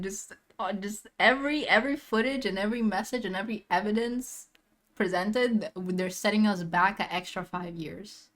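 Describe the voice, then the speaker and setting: A woman's voice: mid-range voice, moderate pace, fairly bright tone. A woman streamer reacting to a video in casual commentary, outraged, swearing often and repeating herself.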